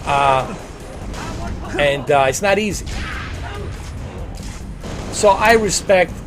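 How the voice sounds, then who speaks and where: A gamer in his forties talks slowly on a livestream, his slightly high voice full of lively intonation, with music in the background. He rambles casually, repeats himself, and shares earnest opinions.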